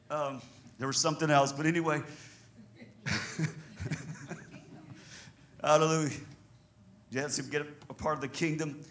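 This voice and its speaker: A man with a Southern American accent, preaching a sermon as pastor in an animated way, chuckling between points. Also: a little high, fairly quick, pauses often. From Southern United States.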